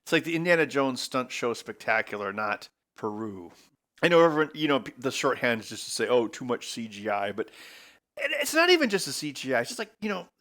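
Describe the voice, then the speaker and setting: A man talks through a film review in a loose, rambling way, breaking into mock voices to act out characters' lines. His pitch swings widely, leaping high when he gets worked up and dropping low when he mutters an aside. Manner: animated, rambling, acts out quotes in mock voices. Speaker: host. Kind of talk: casual movie review monologue.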